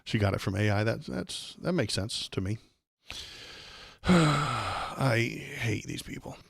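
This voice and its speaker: A man's voice: lowish voice, expressive, takes it slowly, vocal fry, breathy edge, no echo. A man hosting a live political stream, ranting angrily and sarcastically with plenty of profanity. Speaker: livestream political commentator.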